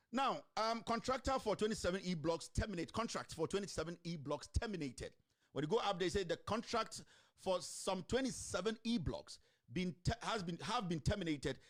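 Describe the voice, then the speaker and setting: An online commentator, a man with a Ghanaian accent and a fairly high voice, gives lively political commentary. He moves back and forth between English and a local language, constantly firing rhetorical questions at his audience.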